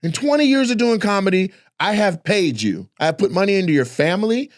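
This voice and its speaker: A man's voice: sits high, very animated, brisk, dry recording. Man, comedian, ranting commentary, profane, repetitive, dry recording.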